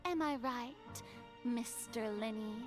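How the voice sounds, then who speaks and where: A smug, grandiose prosecutor. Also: female voice, on the high side, slow, over music. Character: haughty young woman prosecutor, theatrical and smug.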